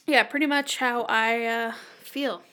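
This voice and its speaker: A woman's voice: fairly high pitch, fairly even intonation, unhurried, pushed and bright. A woman co-hosting a podcast in casual comedic chat, self-deprecating and laughing often, close to the microphone. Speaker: podcast co-host.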